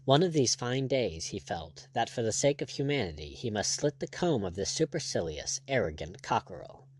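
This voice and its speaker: A man reading a classic adventure novel aloud in measured scripted narration. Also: on the low side, big pitch swings. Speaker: audiobook narrator.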